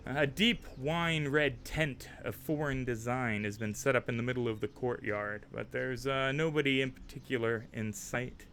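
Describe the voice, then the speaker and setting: A man narrating a tabletop game as game master, relaxed and chatty with frequent fillers. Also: medium pitch, normal speed, hardly any pauses, a little hiss or hum.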